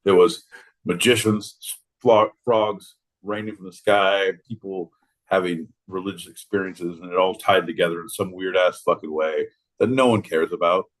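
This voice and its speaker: A man's voice: sits low, steady tone, moderate pace. A man co-hosting a podcast, rambling through crude jokes and laughing often in casual banter. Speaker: podcast co-host.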